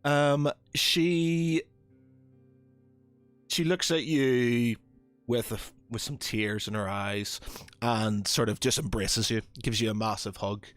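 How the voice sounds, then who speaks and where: A man narrating a tabletop role-play session as game master, full of ums and restarts. His voice sits at a middle pitch in a dry room, with faint music playing behind. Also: fairly even intonation, takes it slowly, a bit bright, no echo. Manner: hesitant, many ums.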